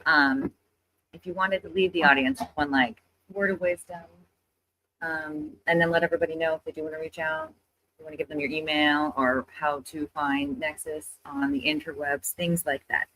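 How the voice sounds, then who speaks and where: A woman's voice: low-pitched, fairly even intonation, normal speed, bright, forceful tone, low-quality recording. A woman hosting a live stream, chatting in a bubbly, teasing way and wrapping up with thanks. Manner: bubbly and teasing, playfully bossy. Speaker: host. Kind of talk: casual chat. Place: live in-person stream at a trade show.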